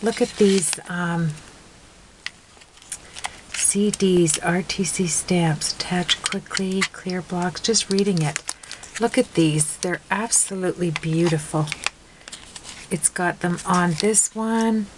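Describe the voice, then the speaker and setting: A woman's voice: on the low side, takes it slowly, background noise. A woman chatting casually while making a card, giggly and rambling, laughing at herself. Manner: giggly, rambling, self-mocking. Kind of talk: casual crafting video chat.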